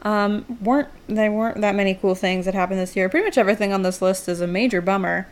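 A young woman co-hosting a podcast in casual, animated chat, swearing and laughing often. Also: medium pitch, quick pace. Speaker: podcast co-host.

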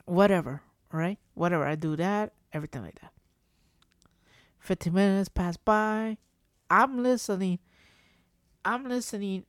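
A man telling a casual story to his audience, rambling and animated, often repeating and restarting himself. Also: sits high, measured pace, pauses often, no echo, studio quality. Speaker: vlogger.

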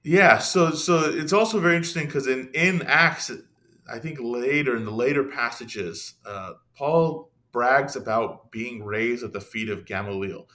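A young man, a podcast guest, talking in an animated, casual way, with many restarts and asides. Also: medium pitch, measured pace. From Iran. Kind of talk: casual conversational discussion.

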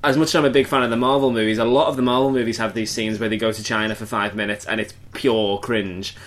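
A man hosting a film podcast, animated and opinionated as he steers the conversation. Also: fairly low pitch, fast talker. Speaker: film review podcast host. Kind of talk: casual chat.

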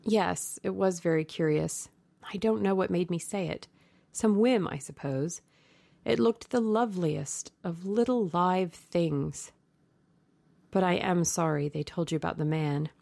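A woman's voice: lowish voice, unhurried, creaky, a little mellow, no echo. A woman reading the part of a troubled young man who speaks sadly and nervously. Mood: uneasy. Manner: weary, sad, nervous. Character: young man, anxious, haunted.

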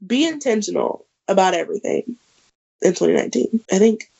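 A woman's voice: medium pitch, expressive, brisk, gravelly, dark tone, breathy edge, highs cut off. A woman co-hosting a casual church-talk podcast, talking freely with lots of "like" and "um". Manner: talkative, frequent "like" and "um" fillers. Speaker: podcast co-host.

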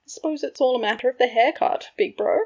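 A polite young wizard brother, voiced by a woman teases with a dry, quick wit. His voice comes out breathy and fairly high. The recording has a dull, lo-fi sound. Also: a little mellow. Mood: wry. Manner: polite, dryly teasing. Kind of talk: fan fiction audiobook reading.

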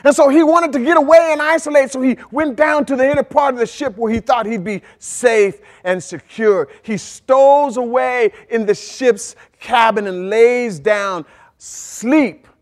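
A man preaching a sermon, telling a story in an animated, conversational way and breaking into shouted outbursts. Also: very high voice, a little slow. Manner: conversational, with frequent "right?" asides to the congregation. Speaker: pastor.

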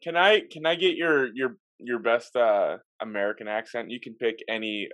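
A man's voice: mid-range voice, moderate pace, fairly bright tone, poor audio. A man guesting on a podcast, chatting playfully and laughing often. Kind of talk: casual chat.

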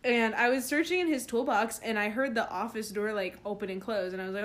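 A woman's voice: a little high, brisk. A woman co-hosting a casual chat podcast, telling rambling stories with frequent giggles. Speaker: podcast co-host, band student.

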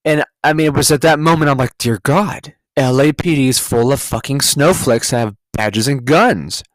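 A man's voice: mid-range voice, normal speed, dry recording. Guy from california ranting on his podcast, swears a lot, sarcastic, dry close mic. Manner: profane, sarcastic storytelling with laughs. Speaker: podcast host. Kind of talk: casual ranting monologue.

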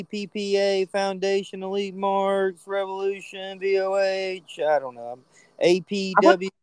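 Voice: mid-range voice, smooth, no room sound. A laid-back podcast host asking questions in casual chat.

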